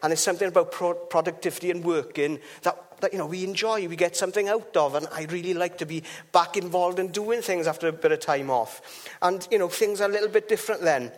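Casting note: man, higher voice, relaxed devotional speaker who rambles through asides. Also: quick pace. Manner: chatty and rambling, with restarts and asides. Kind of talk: informal devotional talk.

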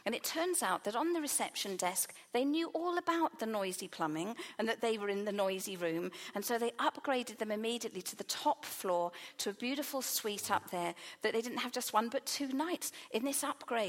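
British lady giving a sermon, bit high voice, tells little stories and repeats words for punch. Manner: storytelling, warm anecdotes, emphatic repetition. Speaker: preacher.

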